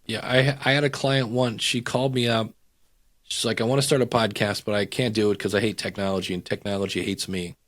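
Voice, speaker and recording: A man's voice: fairly low pitch, brisk. Middle-aged guy on a podcast, chatty storyteller, does little voices for the people in his stories. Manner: animated storyteller, acts out voices in anecdotes. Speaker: podcast guest. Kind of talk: casual storytelling chat.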